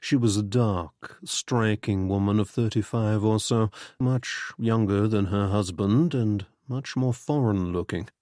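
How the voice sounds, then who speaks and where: A man narrates a novel as an audiobook reader, telling the story in a measured, even way from a script. His voice sits on the low side, and the studio-quality recording has no room sound.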